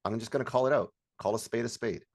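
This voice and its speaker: A man's voice: mid-range voice, fast. A middle-aged man coaching on sales, talking energetically and acting out bits of calls. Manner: energetic, acts out call dialogue, shouts hype lines. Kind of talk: sales training talk.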